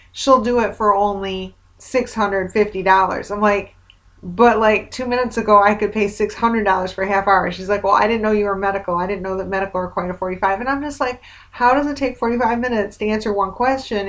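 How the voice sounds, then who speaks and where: Woman vlogger, mid-pitched, venting to camera, rambling and wry, plainly exasperated. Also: a bit bright. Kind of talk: casual video diary.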